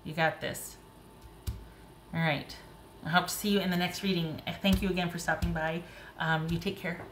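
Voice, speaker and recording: A woman giving a casual, chatty tarot reading, encouraging and quick to laugh and exclaim. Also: lowish voice, fairly even intonation, reverberant, slight background noise. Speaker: tarot reader.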